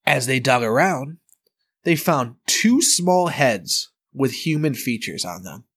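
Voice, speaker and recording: A man's voice: medium pitch, expressive, slow pace, a bit bright, husky. A man hosting a casual podcast chat, telling a story with dry, jokey asides.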